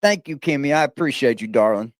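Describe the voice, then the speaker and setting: Sick, worn-out male streamer, crude slang, lively pitch. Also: a little fast, dry recording, clean studio sound. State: sick and low on energy. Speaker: livestreamer. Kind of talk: livestream chat.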